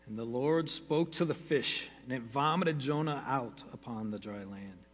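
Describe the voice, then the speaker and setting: A man, a pastor, reads a Bible passage aloud to his congregation at a steady pace, with brief casual asides and quick self-corrections. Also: medium pitch, big-room sound. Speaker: pastor teaching a Bible study. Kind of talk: reading scripture aloud to a congregation.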